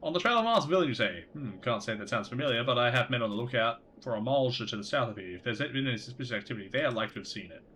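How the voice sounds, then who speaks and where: A man's voice: medium pitch, animated, rapid-fire, few pauses, pushed and bright, a little hiss or hum. A man reading aloud as an earnest, helpful male guard captain from a game, in a plain voice with a mild dramatic lift.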